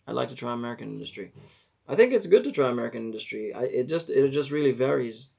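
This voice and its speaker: Man, 40s, gravelly and husky, casual rambling live-stream chat. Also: mid-range voice, lively intonation, quick pace, warm tone. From Israel. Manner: rambling, self-correcting, chatty advice.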